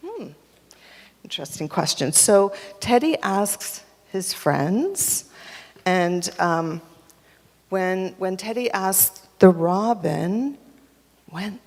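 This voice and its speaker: A woman telling an interactive children's story at a church service, animated and directing children as they hold up props. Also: fairly low pitch. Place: church sanctuary. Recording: echoey church hall.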